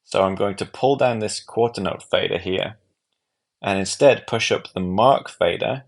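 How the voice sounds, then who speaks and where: A man giving a calm, methodical step-by-step walkthrough of a music app. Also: on the low side, unhurried. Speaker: app tutorial presenter. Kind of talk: screen-recorded software walkthrough.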